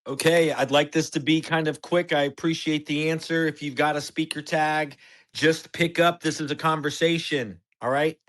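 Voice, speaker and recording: A man hosting an online audio chat, brisk and upbeat as he moves callers along. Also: a little high, a bit bright. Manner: brisk, upbeat, keeps things moving. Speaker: host.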